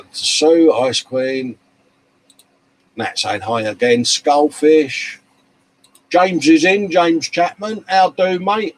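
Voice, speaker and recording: A man's voice: mid-range voice, a little hiss or hum, low-quality recording. Chatty tired man hosting a live stream. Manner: chatty and matey, calling viewers mate and love. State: tired from lack of sleep. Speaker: live-stream show host. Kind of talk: casual chat, reading out live comments. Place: hobby workshop bench.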